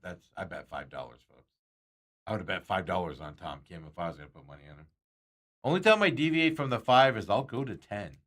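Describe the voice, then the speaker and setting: A man's voice: lowish voice, a bit bright. A man hosting a sports radio show, chatting casually and rambling with frequent chuckles and self-corrections.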